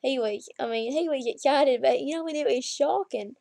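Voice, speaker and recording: Girl in her 20s vlogging lying down, rambly and chatty, kinda high voice, dry close sound. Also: a little fast, creaky, dark tone, no room sound. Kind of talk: casual chat to camera. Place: at home, lying down. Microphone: laptop webcam.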